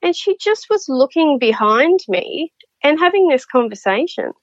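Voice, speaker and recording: A woman, a nurse, chatting as a guest and telling her stories in a lively way, laughing often and acting out what people said. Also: high voice, normal speed, dry recording. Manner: animated, laughs often, acts out quotes. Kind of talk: casual storytelling chat. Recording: slightly dull lo-fi audio.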